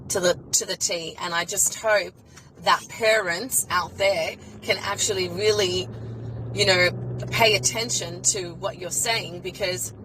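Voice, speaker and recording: Slow earnest woman over background noise. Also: on the low side, steady tone. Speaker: student guest. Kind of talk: casual conversation.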